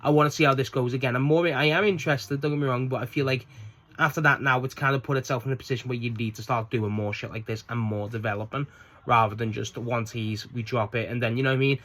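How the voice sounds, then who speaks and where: A young man giving a casual, rambling spoken review of a wrestling show, excitable and swearing often. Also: medium pitch, fast talker.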